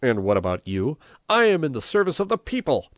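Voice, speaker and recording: A man's voice: sits low, normal speed, dry recording, studio quality, close to an everyday voice. A man reading an audiobook, voicing a blustering, hot-tempered male communist mayor who roars threats. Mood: grumbling. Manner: roaring, threatening.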